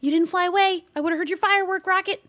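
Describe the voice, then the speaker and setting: High-voiced, jumpy woman streamer. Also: steady tone, fast, a bit bright. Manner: jumpy, easily startled, chatty, talks to an unseen player. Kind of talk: casual gameplay commentary with light role-play.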